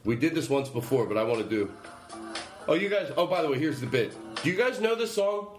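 A man's voice: on the high side, big pitch swings, a little fast, reverberant, soft background music. A man hosting a podcast at home, chatting loosely and playfully and laughing often, recorded on a handheld recorder. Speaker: podcast host. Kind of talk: casual chat.

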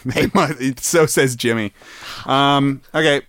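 A man co-hosting a podcast in a casual, playful chat, theatrical and quick to laugh. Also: mid-range voice, a bit bright, dry recording, studio quality. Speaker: podcast co-host.

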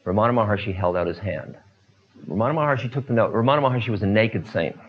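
A man with a lowish voice tells spiritual stories to his listeners at an unhurried pace, pausing and filling gaps with ums. The recording is dull and lo-fi. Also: lively intonation. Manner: unhurried, many pauses and fillers. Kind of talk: storytelling talk.

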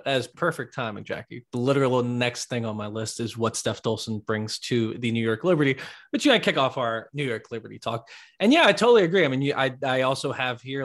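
A man's voice: medium pitch, fairly bright tone. A man hosting a podcast in casual chat, talkative and enthusiastic. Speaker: podcast host.

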